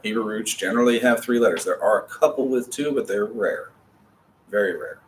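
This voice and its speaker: A man's voice: fairly low pitch, a little fast. A man teaching an adult Hebrew class, explaining patiently with chatty asides. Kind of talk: classroom lecture. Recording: distant mic with faint background noise.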